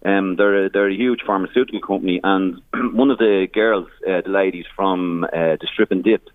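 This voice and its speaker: A man's voice: low-pitched, fairly even intonation, moderate pace, no echo. An Irish man, a charity founder, telling stories in a radio interview with many restarts and some emotion. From Ireland. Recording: tinny phone line.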